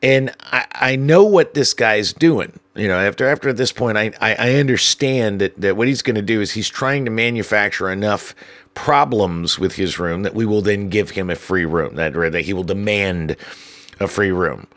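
Animated male storyteller, dry sound. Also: moderate pace, no room sound. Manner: animated, acts out dialogue with raised pitch, profane. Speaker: hotel manager telling work stories. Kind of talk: casual storytelling.

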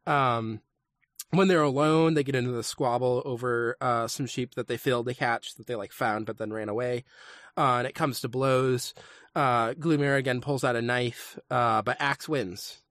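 A man co-hosting a podcast who casually retells a story in a rambling, hesitant way full of ums and uhs. His pitch sits right in the middle for a man. His voice is recorded dry, with almost no room sound. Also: steady tone, moderate pace, fairly bright tone, no room sound. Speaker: podcast co-host. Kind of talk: casual chat retelling a saga.

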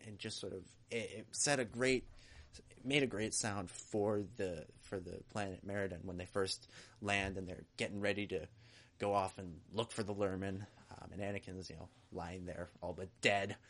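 A man's voice: fairly low pitch, a bit bright. A man co-hosting a fan podcast in casual chat, laughing often and restarting his sentences. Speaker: podcast co-host.

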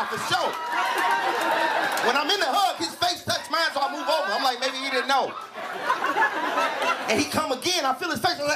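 A man's voice: very high-pitched, a little fast, very noisy. Man doing stand-up over roaring laughter. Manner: animated storytelling, acts out dialogue. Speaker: stand-up comedian. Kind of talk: stand-up comedy set. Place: comedy club stage. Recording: live club set with loud crowd laughter. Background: audience laughing loudly.

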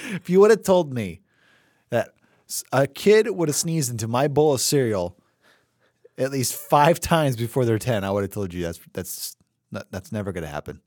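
A man in his thirties, co-hosting a podcast in casual chat, animated and laughing, slipping into other voices as he tells stories. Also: medium pitch, moderate pace, long pauses, dry recording, studio quality. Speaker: podcast co-host.

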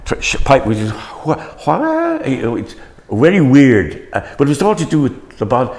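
A man's voice: mid-range voice, huge pitch swings, normal speed, a little mellow, a little hiss or hum. An older man, a stage actor, reminiscing in an interview with rambling, stop-start storytelling.

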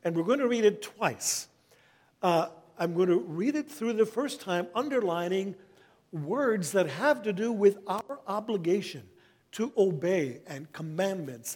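A middle-aged man delivers a sermon to his congregation in a slightly high voice. His talk is measured and earnest, and he slows down when reading scripture aloud. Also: animated, darkish tone. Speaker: pastor.

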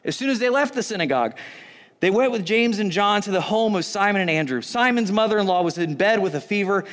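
A man preaching a sermon, animated, acting out the voices of onlookers in the story. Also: high-pitched, fast. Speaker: pastor. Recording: long hall reverb.

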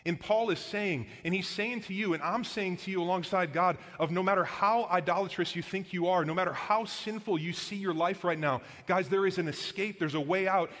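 Earnest pastor preaching in a reverberant hall. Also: male voice, sits high, a bit bright. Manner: casual and earnest, preaches with frequent "like" and "guys". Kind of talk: sermon. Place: church sanctuary.

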